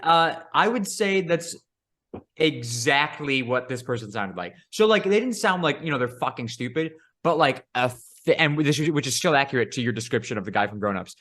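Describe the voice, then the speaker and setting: A man's voice: mid-range voice, a bit bright. A man co-hosting a podcast, telling stories in casual chat with lots of swearing and laughter. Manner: profane, laughing storyteller. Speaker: podcast co-host.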